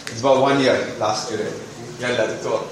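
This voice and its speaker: A man teaching an Arabic lesson to a class, drilling students with quick questions and answers. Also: mid-range voice, steady tone, slight background noise. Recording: echoey room from far off.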